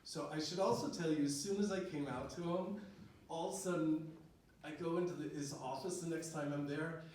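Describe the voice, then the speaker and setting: A man's voice: on the high side, steady tone, brisk, darkish tone. A middle-aged man telling a personal story live on stage, chatty and laughing often, with lots of fillers. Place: small venue with live audience. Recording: very echoey room, distant mic, audience noise.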